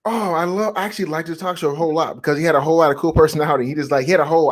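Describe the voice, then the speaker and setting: A man with a fairly high-pitched voice co-hosts a relaxed online chat. He rambles in an animated way, often restarting his sentences as his thoughts catch up. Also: very fast, few pauses. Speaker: podcast co-host. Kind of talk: casual live-stream chat.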